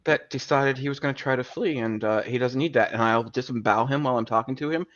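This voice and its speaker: A man's voice: medium pitch, fast talker, a bit bright, dull audio. A man playing his character in a tabletop game, talking bluntly and cheerfully about violence. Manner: blunt, gleefully violent, swears. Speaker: player.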